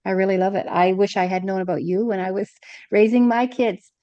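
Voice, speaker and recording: A middle-aged woman hosts a podcast interview with a mid-pitched voice. She sounds enthusiastic and affirming as she reacts to her guest. The recording is dry and close. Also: fairly even intonation, a little fast, warm tone, no room sound, highs cut off. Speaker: podcast host. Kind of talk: conversational interview.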